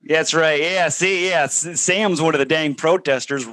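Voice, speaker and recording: A male co-host on a comedy talk show, playing up his exasperation with sarcastic asides. His voice sits a little high for a man. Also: measured pace, bright, forceful tone. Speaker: podcast co-host. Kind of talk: comedic casual chat.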